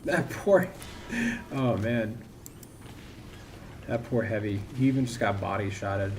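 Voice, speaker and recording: A man's voice: fairly low pitch, slow pace, darkish tone, a little hiss or hum. A young man casually chatting while he plays a game on stream, rambling and self-critical, often trailing off. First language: English. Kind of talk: casual commentary while gaming.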